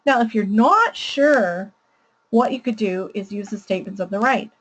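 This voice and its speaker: A woman's voice: medium pitch, normal speed, lo-fi sound. A woman presenting a parenting lesson, explaining patiently and laughing easily. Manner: warm, explanatory, laughs readily. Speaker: parenting educator. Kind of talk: teaching presentation.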